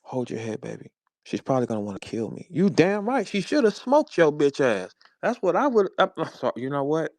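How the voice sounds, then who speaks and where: Hosting his own show, a forties-aged battle rap figure from St. Louis rants heatedly, swearing and mocking. His slightly high, darkish voice swings widely in pitch, runs a little fast with few pauses, and has no room sound.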